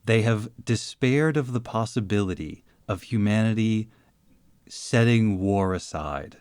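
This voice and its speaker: Podcast co-host, man, measured delivery with dry humor, lower register. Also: a little mellow, smooth, no room sound. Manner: dry joking, measured and reflective. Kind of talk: casual analytical chat.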